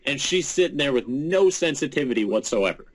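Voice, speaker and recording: Male podcast host, mid pitch, indignant, guides the talk. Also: animated, a little fast, breathy edge, poor audio. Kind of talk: casual debate.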